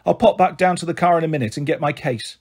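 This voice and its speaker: Man putting on a jolly big auntie, high, husky, bustling, storybook reading. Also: fast talker. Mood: hearty. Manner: warm, jolly, frank. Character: hearty big-hearted woman pub landlady aunt, bustling.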